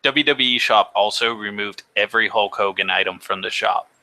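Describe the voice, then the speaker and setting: A man's voice: lowish voice, moderate pace, bright, forceful tone, low-quality recording. A man co-hosting a casual chat show, summarizing news in a matter-of-fact way. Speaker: co-host.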